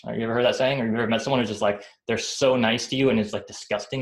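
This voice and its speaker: A man's voice: medium pitch, fairly even intonation, fast, hardly any pauses. A man giving a casual talk about emotions, rambling and checking in with "right?" after almost every point. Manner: rambling, many fillers like "right?" and "like". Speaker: speaker explaining psychology. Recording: echoey room.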